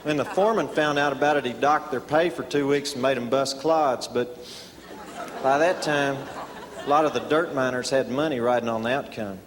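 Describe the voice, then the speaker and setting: A man telling a folksy tall tale as stand-up comedy, deadpan, with many drawn-out "uh"s. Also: mid-range voice, some chatter behind. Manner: deadpan folksy storyteller with filler "uh"s. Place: live comedy stage before an audience. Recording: reverberant live hall, audience laughter.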